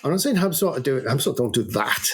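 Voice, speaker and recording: Appearing as a guest in a business interview, an agency co-founder talks fast in a mid-range voice with a breathy edge. He tells stories animatedly and restarts his sentences often.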